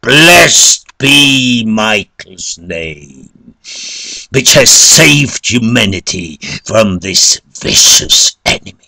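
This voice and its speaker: A man voicing a zealous male priest who declaims slowly and triumphantly. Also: fairly low pitch, big pitch swings, vocal fry, pushed and bright, dry recording, full character voice, rough recording.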